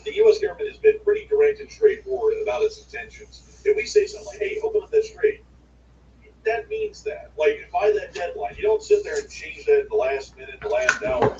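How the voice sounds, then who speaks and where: A blunt man talking over current events in a loose, opinionated drawl, with a dark, mellow tone and very lively pitch. He sounds far from the mic in an echoey room, muffled, with a faint hiss behind him. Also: fairly quick, hardly any pauses. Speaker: livestream co-host. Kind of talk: casual news commentary.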